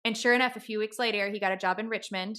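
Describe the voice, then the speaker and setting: A woman's voice: mid-range voice, fairly even intonation, fast, sharp tone. Chatty woman telling a story. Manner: chatty storytelling, acts out quoted dialogue. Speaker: podcast host. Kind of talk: casual podcast chat.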